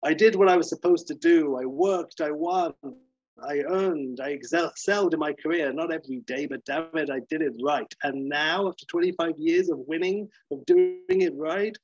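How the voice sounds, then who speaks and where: A man voicing a boastful, defensive wealthy sports agent who blusters and stammers, his voice pitched up high. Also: normal speed, no echo, muffled recording. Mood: bitter.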